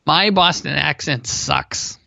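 A man from New England in his forties, co-hosting a podcast and telling a rambling, animated story. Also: fairly high pitch, slow, creaky, dry recording. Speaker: podcast co-host. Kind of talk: casual storytelling chat. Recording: dull lo-fi sound.

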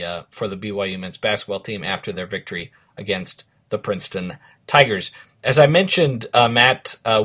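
A man's voice: medium pitch, sharp tone. Chatty male sports podcast host. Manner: chatty, laughing, full of fillers. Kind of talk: casual sports podcast chat.

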